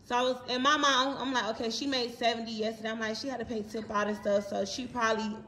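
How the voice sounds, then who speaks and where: A woman's voice: on the high side, fairly even intonation, fast talker, sharp tone, reverberant, a little hiss or hum, low-quality recording. A young woman coaching a trainee in casual chat, speaking bluntly and encouragingly, with casual swearing.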